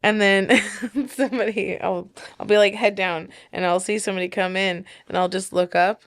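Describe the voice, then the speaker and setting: A woman co-hosting a casual podcast chat, playful and quick to giggle as she tells stories. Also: medium pitch, fairly even intonation. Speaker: podcast co-host.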